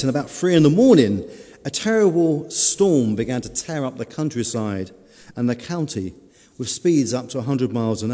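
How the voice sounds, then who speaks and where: A man's voice: medium pitch, dark tone. A man preaching a sermon, telling a story with dramatic, shifting emphasis. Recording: long hall reverb.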